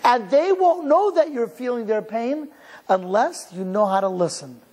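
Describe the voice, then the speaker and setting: A man's voice: extremely high pitch, expressive, unhurried, darkish tone, breathy edge. A man from Cleveland, Ohio, giving a live talk as a rabbi, telling stories conversationally, restarting sentences and chuckling along with the audience. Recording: long hall reverb.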